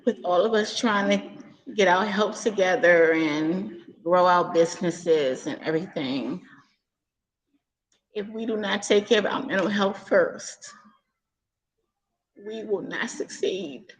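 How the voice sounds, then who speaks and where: A woman speaking as a guest on an online call. She shares in an earnest, halting way and holds back tears. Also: medium pitch, low-quality recording. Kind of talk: casual heartfelt sharing. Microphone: video call.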